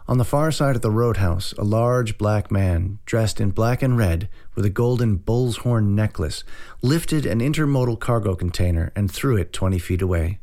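Gravelly low-voiced male audiobook narrator. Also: normal speed, dark tone.

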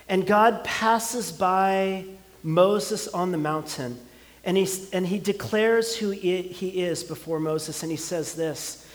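A man's voice: high-pitched, slow pace, in a large hall. A man preaching a sermon, building emphasis with repeated words and phrases. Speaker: pastor.

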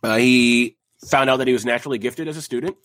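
A man's voice: medium pitch, quick pace, fairly bright tone, no room sound. Podcast host, male, young adult, casual rambling storyteller, dry close mic. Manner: rambling, frequent fillers and restarts, jokey asides.

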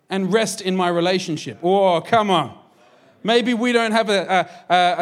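A man in his thirties, a pastor, preaching a sermon in an energetic, jokey, conversational way. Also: high-pitched.

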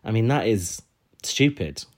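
A man's voice: fairly low pitch, animated, measured pace. A young man chatting casually as a podcast co-host, rambling and laughing often. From United Kingdom. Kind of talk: casual chat.

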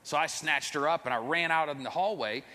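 Earnest man, higher and bright voice, telling a rambling personal story; reverberant hall recording. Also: a little fast. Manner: earnest, rambling, self-deprecating. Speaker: father telling his faith testimony. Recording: long reverb, echoey hall.

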